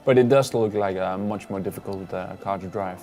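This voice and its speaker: A man's voice: low-pitched, fairly quick, warm tone. A man co-hosting a game livestream, dryly teasing the player and explaining how the cars handle. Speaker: livestream co-host and game commentator. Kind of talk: casual gaming commentary. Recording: game music audible behind.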